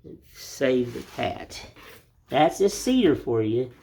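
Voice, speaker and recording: A man's voice: mid-range voice, very animated, slow, gravelly, mellow, slight background noise. A man hosting his woodcarving channel from an indoor wood shop, chatting to viewers in a folksy, rambling way as he whittles. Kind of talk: casual folksy talk to viewers while whittling.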